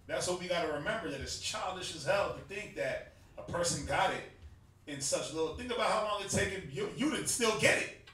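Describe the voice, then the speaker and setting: A man's voice: high-pitched, animated, a little fast, sharp tone. A man with a Southern US accent teaching a religious class in a casual, joking, conversational way, laughing often and using slang. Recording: echoey room, mic far off, faint hiss.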